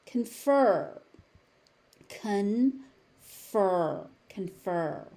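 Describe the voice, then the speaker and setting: A woman with a General American accent teaching pronunciation, repeating each word slowly and enunciating clearly. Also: mid-range voice, mellow. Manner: slow, deliberate, exaggerated enunciation of each word. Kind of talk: pronunciation lesson, slow drilled word repetition.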